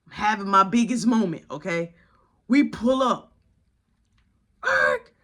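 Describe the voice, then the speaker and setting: A man telling a casual storytime in an animated, slangy, dramatic style. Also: sits high, moderate pace.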